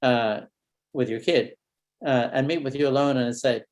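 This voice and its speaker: A man working as a family therapist talks parents through a parenting tip at a middle pitch. He tells it like a story, easy and rhythmic. He stops now and then to let the suspense build. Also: moderate pace. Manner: relaxed storytelling with role-played dialogue. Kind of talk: parenting training talk.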